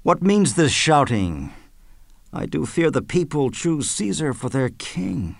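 An honourable, troubled Roman nobleman, performed by a man in a Shakespearean verse drama. He declaims earnestly, and his pitch rises and falls a great deal. The recording is close and dry. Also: big pitch swings, takes it slowly, vocal fry, no room sound, exaggerated voice.

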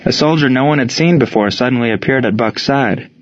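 A man narrating an audiobook in a steady, measured reading. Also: mid-range voice. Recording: dull lo-fi recording.

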